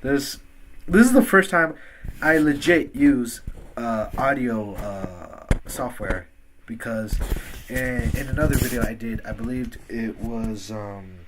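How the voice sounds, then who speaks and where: A man's voice: medium pitch, slow pace, noisy background. Rambling young man hosting a podcast. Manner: rambling, many fillers and restarts. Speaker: podcast host. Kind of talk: casual podcast chat.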